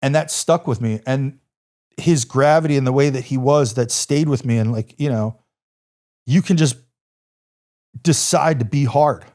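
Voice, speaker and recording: This podcast guest is a middle-aged man who once served as an Army Ranger, recounting a war story in an intense, emphatic way, with repeated phrases and plenty of swearing. His mid-range voice is a little mellow, moving at a measured pace with long pauses.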